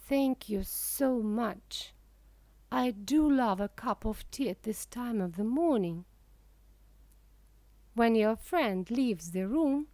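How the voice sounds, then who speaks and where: A woman narrates a humorous book in a slow, deliberate reading pace meant for learners. Her fairly high voice rises and falls with lively expression. The recording is close and dry. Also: no echo. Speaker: reader.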